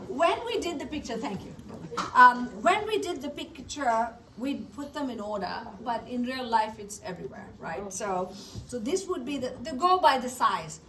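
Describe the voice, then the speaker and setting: A woman's voice: a little high, expressive, moderate pace, bright, forceful tone. A woman teaching a biology lab, drilling anatomy terms by repetition with short praise. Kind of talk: call-and-response anatomy review. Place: classroom lab. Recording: distant mic with classroom crowd.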